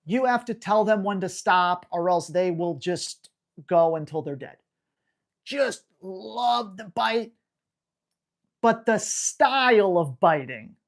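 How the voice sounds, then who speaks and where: A man's voice: sits high, expressive, a little slow. A man hosting a live dog-training Q&A, talking bluntly and hammering home key words. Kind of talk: live Q&A stream.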